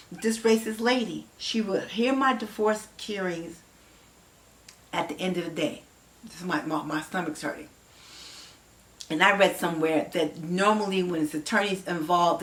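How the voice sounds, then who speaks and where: A woman's voice: on the low side, distant mic. An emotional woman giving impassioned vlog commentary to her viewers, rambling with many fillers and restarts. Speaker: vlogger.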